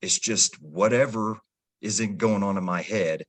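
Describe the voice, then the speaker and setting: A man's voice: lowish voice, unhurried. A man in his forties, a firefighter hosting a podcast, talking earnestly and clarifying points for listeners. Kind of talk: casual interview talk.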